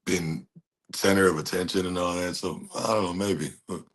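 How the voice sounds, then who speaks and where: A man's voice: deep voice, steady tone, moderate pace. A man in his thirties, a fighter giving a casual interview, laid-back, laughing often and swearing casually. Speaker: fighter guest.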